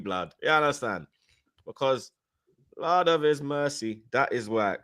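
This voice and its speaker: With a medium-pitched voice and a slightly slow pace, a young man hosts a casual fan stream. Reading chat aloud, he tells lively slang-heavy stories, laughs, and mimics voices.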